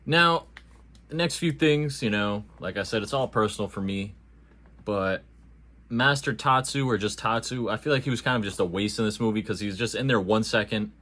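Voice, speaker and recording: A man giving a casual, animated and slangy movie review, joking along as he talks. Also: fairly low pitch, normal speed.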